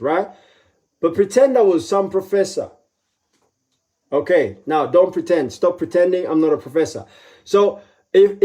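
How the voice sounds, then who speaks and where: A man's voice: on the high side, mellow. A middle-aged man giving a live motivational talk, repeating his advice with emphasis and acting out little voices for effect. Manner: repetitive, emphatic advice with playful voiced asides. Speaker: motivational speaker.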